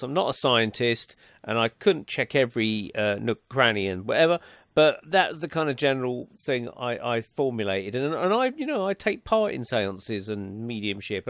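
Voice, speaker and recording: A man's voice: medium pitch, gravelly, a bit bright, dry recording, studio quality. A man hosting a radio talk show, rambling and hesitant with many restarts. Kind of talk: casual radio chat. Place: radio studio.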